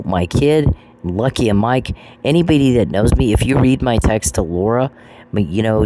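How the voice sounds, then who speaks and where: A man's voice: fairly low pitch, darkish tone. A man in an angry monologue aimed at one person, swearing and repeating his accusations. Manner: profane, accusatory and repetitive. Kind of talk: angry monologue addressed to someone. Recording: noisy recording with clicks.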